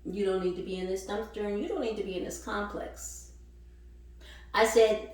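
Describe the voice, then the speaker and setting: A woman hosting a spiritual channel, telling a story in casual, animated, swearing talk and laughing often. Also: on the high side, normal speed. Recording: echoey room, voice far from mic.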